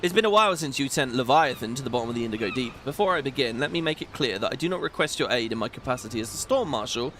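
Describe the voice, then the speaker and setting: A man's voice: mid-range voice, expressive, racing, few pauses, a bit bright, a little hiss or hum, natural voice. A man reading a stern, formal woman admiral's game lines aloud in archaic wording, with a few stumbles. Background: game music.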